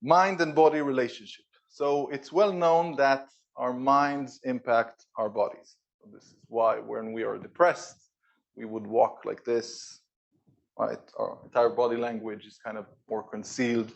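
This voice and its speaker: Energetic man giving an office talk. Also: mid-range voice, gravelly, dull audio. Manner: energetic, demonstrative, pausing for emphasis. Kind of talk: live presentation to co-workers. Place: office event room with an audience.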